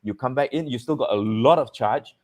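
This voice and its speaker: A man hosts a relaxed chat show in a voice of middling pitch. He talks with lively energy and breaks into laughter easily. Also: a little fast. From Malaysia. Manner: animated, jokey, laughs often. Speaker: host.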